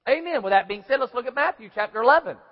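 High-voiced preacher in an echoey hall. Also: male voice, animated, very fast. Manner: folksy storytelling, acts out voices. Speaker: pastor. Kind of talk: sermon. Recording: echoey hall, dull lo-fi sound.

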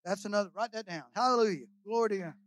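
A man, preaching as a guest pastor in a folksy, joking way, repeating phrases and swinging between quiet asides and loud shouts. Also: high voice, rapid-fire, no echo. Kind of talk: sermon.

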